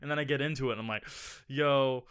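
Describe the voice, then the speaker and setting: A man's voice: mid-range voice, very fast, a bit bright, clear, resonant tone. A man co-hosting a casual podcast, rambling and joking with lots of fillers. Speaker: podcast co-host. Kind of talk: casual chat.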